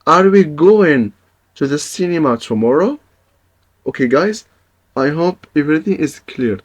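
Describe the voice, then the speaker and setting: Slow, patient male Spanish teacher. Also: fairly high pitch, lively intonation. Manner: patient, repeats each example, checks in with "okay, guys". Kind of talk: language lesson.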